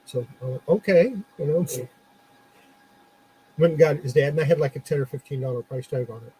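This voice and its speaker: A middle-aged former comic shop owner, now a podcast host, chats casually and tells anecdotes, laughing often. His mid-range voice is warm and steady, and he talks fairly quickly. The recording is rough, with slight hiss or hum.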